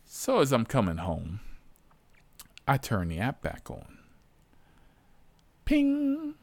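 A man, a rideshare driver, telling stories in a profane, animated, exasperated way. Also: lowish voice, unhurried, no echo. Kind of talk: casual storytelling.

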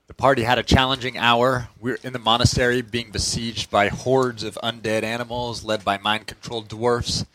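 A man's voice: medium pitch, little pitch movement, normal speed, hardly any pauses, a bit bright, low-quality recording. A man playing in a tabletop game, giving a casual recap of the last session with frequent "uh" fillers. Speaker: player.

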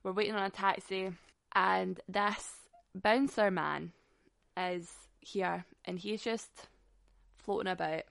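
A woman in her twenties tells a story in a casual, blunt way, swearing freely and laughing along. Her voice sits at a middling pitch. The sound is dry and close, with no room echo. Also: fairly even intonation, slow, gravelly, a bit bright.

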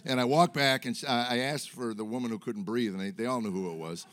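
A man's voice: mid-range voice, fast, a bit bright. A middle-aged man doing a stand-up comedy set on stage, telling rambling, self-mocking stories full of fillers. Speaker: stand-up comic. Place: comedy stage before a live audience.

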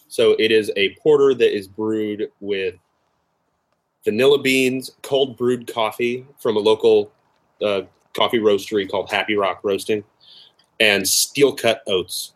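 A man co-hosting a casual tasting chat over a video call, explaining things hesitantly with lots of fillers. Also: fairly low pitch. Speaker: co-host of a drinks tasting show.

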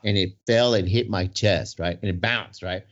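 Man, low voice, rambling storyteller, keeps asking right, muffled lo-fi audio. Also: moderate pace, fairly bright tone. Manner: rambling, full of "right?" and restarts. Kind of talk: casual storytelling in conversation. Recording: dull lo-fi sound.

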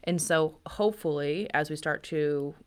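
Woman, low-pitched, podcast host, relaxed conversational talk. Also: a little slow. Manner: conversational, relaxed, shares home stories. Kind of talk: casual podcast interview.

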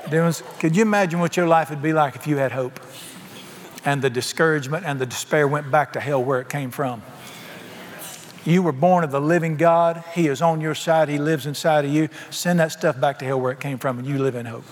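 Animated folksy preacher in a reverberant hall. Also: male voice, brisk. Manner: folksy, animated storytelling with sudden pitch jumps. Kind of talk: sermon. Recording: reverberant hall with faint ambience.

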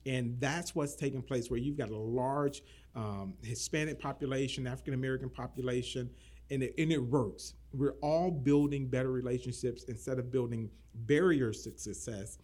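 An earnest man who serves as a city manager talks through his ideas at an even, medium pitch. He is from Florida and often restarts his phrases. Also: moderate pace. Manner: earnest, repeats words when starting. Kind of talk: casual interview talk.

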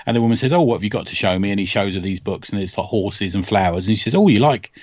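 Lively man retelling comic strips. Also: on the low side, fast, no room sound, muffled recording. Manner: animated storytelling, laughs often, acts out quoted lines. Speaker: podcast host. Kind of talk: casual comics chat.

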